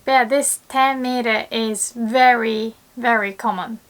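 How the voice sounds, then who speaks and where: A young woman teaching a lesson, often laughing and acting out quoted lines in a lively way. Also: on the high side, measured pace. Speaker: Japanese language teacher. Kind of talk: online language lesson.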